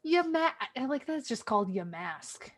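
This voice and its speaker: A woman co-hosting a gaming podcast, chatting casually in an expressive, animated way. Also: high-pitched, normal speed. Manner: expressive, reacting with mock horror. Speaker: podcast co-host. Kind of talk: casual chat.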